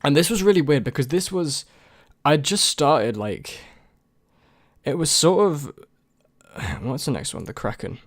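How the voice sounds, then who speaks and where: A man's voice: a little high, animated, measured pace, no echo, clean studio sound. A young man and YouTube creator in casual chat, answering viewer questions in a rambling, hesitant way with many restarts.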